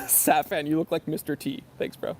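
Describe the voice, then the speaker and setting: A man hosting a casual live-stream Q&A, reading viewer comments and joking around in an animated way. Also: a little high, moderate pace, a little hiss or hum. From Los Angeles area. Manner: joking, animated, self-deprecating banter. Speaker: YouTube channel host doing a live stream Q&A.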